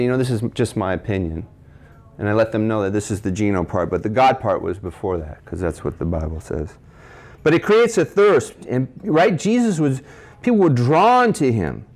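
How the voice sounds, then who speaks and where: A man's voice: medium pitch, a little mellow. A man preaching to a men's group at a breakfast, asking the listeners questions and quoting scripture. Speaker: speaker at a men's ministry breakfast. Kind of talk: sermon. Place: cafe.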